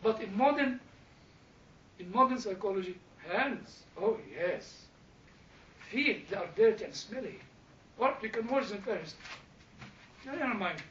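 A man with a very high, bright voice leads a church study group in an informal, animated way. He repeats himself, chuckles and keeps turning to his listeners. He was recorded from a distance in an echoey indoor room, and the sound is somewhat dull. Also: a little slow, pauses often, slight background noise. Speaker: church discussion leader.

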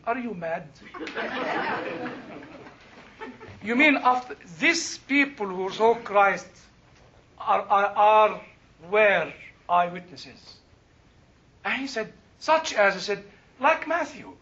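A man's voice: high-pitched, slow pace, pauses often, highs cut off. An older man teaching a Bible class, telling a story with laughter and emphatic outbursts. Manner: animated, laughing, rising to emphatic bursts.

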